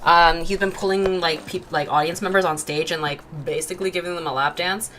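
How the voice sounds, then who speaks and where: A woman's voice: fairly low pitch, fairly even intonation, fairly quick, fairly bright tone, a little hiss or hum. A young woman hosting an art livestream, chatting casually and giggling, with lots of fillers while she draws. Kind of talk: casual chat while drawing.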